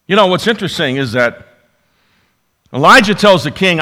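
A man preaching a sermon, swinging between loud emphasis and quiet asides. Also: high voice, expressive, normal speed. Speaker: pastor.

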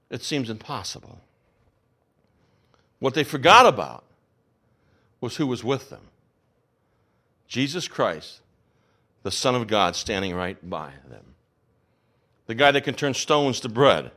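A man's voice: on the high side, moderate pace, pauses often. A man in his fifties preaching a sermon, telling stories and acting out the voices of people in them. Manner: animated storytelling, acts out the voices of people in the story. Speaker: pastor.

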